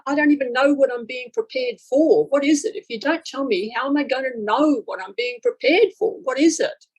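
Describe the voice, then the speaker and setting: A woman's voice: on the high side, vocal fry, husky, poor audio. A woman in a group talk sharing spiritual experiences in a reflective storytelling way, acting out her inner dialogue. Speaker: group discussion participant.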